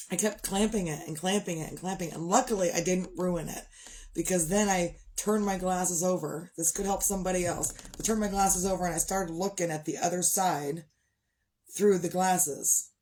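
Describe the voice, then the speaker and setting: Tired middle-aged woman, low-pitched, rambling livestream chat with sighs. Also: a little mellow. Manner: rambling, chatty, yawning and sighing. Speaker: livestream host. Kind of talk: casual chat.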